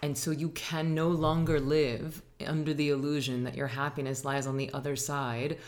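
Low-voiced woman, lively meditation teacher. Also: normal speed. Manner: animated storyteller who acts out quotes. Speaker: podcast guest, meditation teacher. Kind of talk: casual interview chat. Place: dining room.

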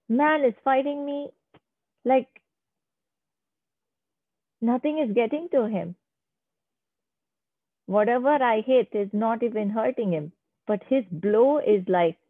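A woman's voice: a little high, vocal fry, no room sound, voice pushed up, exaggerated voice. A woman voicing an old male bear-king warrior who is devoted and remorseful, speaking in an earnest, pleading way. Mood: weary. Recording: tinny phone-like, dry sound.

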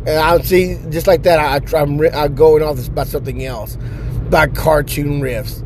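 A young man with a gravelly, dry-throated voice hosting a podcast from his car, rambling and profane and laughing at his own jokes. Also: fairly high pitch, steady tone, normal speed, darkish tone, slight background noise. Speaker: podcast host. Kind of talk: casual solo podcast rant.

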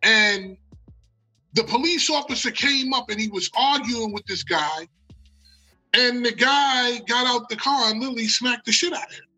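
Animated, profane American man telling a story. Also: extremely high pitch, moderate pace, soft background music, rough recording. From United States. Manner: animated, profane, acts out quotes. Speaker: guest storyteller. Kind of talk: casual storytelling.

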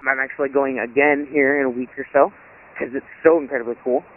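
A man calling in to a podcast with a casual report, excited and chatty and laughing often, heard over a phone line. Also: mid-range voice, fast talker. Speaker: caller, podcast co-host. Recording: tinny phone line with hiss.

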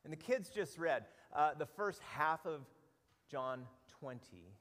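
Animated male preacher in an echoey hall. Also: fairly high pitch, slow. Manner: animated storytelling with many repeated words. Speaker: pastor. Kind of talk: sermon.

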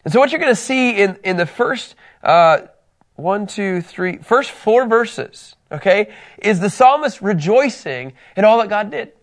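A man with a fairly high voice leads a Bible study lesson. He talks in an animated, conversational way and weaves in personal stories. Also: measured pace. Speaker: Bible teacher.

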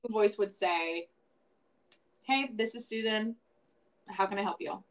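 A woman's voice: medium pitch, measured pace, rough recording. A woman co-hosting a podcast in casual chat, rambling and reflective, with many "like" fillers. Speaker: podcast co-host.

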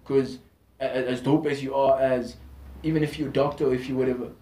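A man's voice: mid-range voice, steady tone, fast talker, dark tone. A man chatting casually on a podcast, slangy and talkative, often restarting his sentences. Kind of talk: casual chat. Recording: echoey room.

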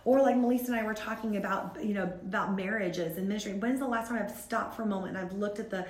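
A woman in her thirties, a guest on a faith-based podcast, talking in an earnest, rambling, animated way. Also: medium pitch, quick pace, reverberant.

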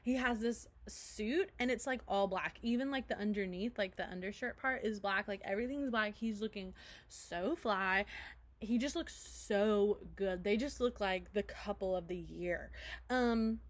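A woman's voice: mid-range voice, measured pace. A young woman co-hosting, telling an improvised comic story in a giggly, rambling way with many "so anyways". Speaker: co-host.

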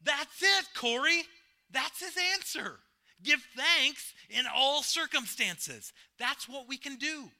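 Man putting on earnest young woman, prayerful, insistent, sharp tone. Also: very high voice, takes it slowly, pitched above the performer's own voice, full character voice. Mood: excited. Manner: excited, insistent urging.

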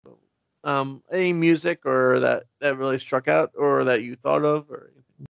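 Man, casual comedic riffer, gravelly fry, dry muffled recording, rambling and laughing. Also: fairly even intonation, no echo. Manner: rambling, laughing, swears, mimics characters in quick asides. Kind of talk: casual comedic chat, riffing a sketch. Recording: dull low-fidelity dry recording.

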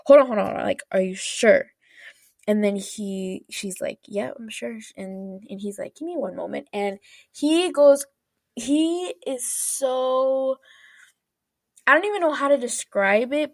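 A woman hosting a podcast, rambling through an animated, casual retelling full of fillers and restarts. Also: mid-range voice, creaky, dry recording, studio quality. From United States. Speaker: podcast host. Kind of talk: casual chat.

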